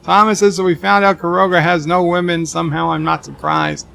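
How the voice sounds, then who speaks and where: Man, game streamer, gravelly rasp, fairly high voice, deadpan jokes, rambling live-stream chat reading. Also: a little fast, slight background noise. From Texas. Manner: joking, deadpan replies to viewer comments; rambling asides with many restarts.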